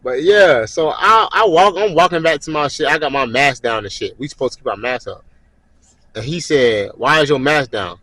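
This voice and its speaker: A man's voice: a little high, normal speed, no echo, low-quality recording. A young man telling a casual story, swearing a lot and acting out the voices of the people in it. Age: young adult. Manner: animated, swearing, slangy, acts out voices and yells mid-story.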